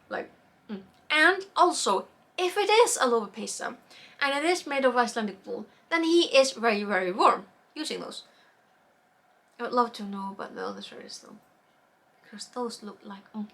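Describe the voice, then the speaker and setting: A woman's voice: on the high side, animated, moderate pace, a bit bright. A woman chatting casually about knitting projects, rambling, losing her words and trailing off with fillers. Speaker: knitting vlogger.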